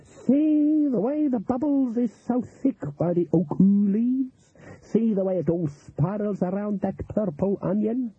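Man voicing a raised, husky, slow-drawling voodoo cook with a rolling growl, storybook reading, tinny dry audio. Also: high voice, animated, dry recording, pitched above the performer's own voice, full character voice. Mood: knowing. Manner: slow drawling speech with folksy grammar. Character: older female voodoo cook, slow and knowing.

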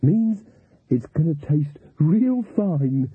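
A man's voice: on the high side, big pitch swings, takes it slowly, husky, dry recording, pitched above the performer's own voice, heavily acted. A man voicing a stout, jolly woman cook who talks in an eager, chatty, gossipy way. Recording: tinny, phone-like, dry audio.

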